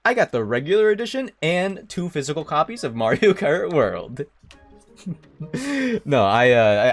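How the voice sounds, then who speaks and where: Chatting easily with viewers during a live video game stream, this man yelps in a high, excited voice when the action picks up. His delivery is a little slow, with soft music underneath.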